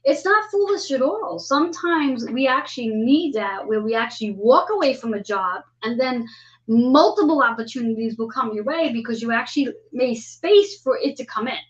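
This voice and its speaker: A woman in her fifties hosting a casual spiritual astrology chat, talking in an animated way and acting out the voices she quotes. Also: a little high, normal speed, highs cut off. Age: 50s. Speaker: host.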